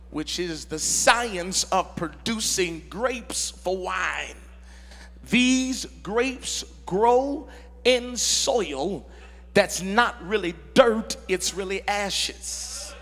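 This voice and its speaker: A man preaching a sermon in a large church, reading scripture and rousing the congregation, slow and rising to shouts. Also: sits high. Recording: reverberant church hall with music.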